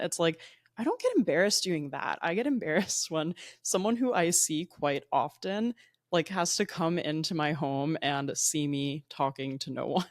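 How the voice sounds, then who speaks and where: A woman's voice: sits low, lively intonation, moderate pace, no room sound, clean studio sound. A young woman with a New Jersey accent hosting a solo podcast from home, chatty and upbeat, laughing often and wandering into tangents. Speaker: podcast host.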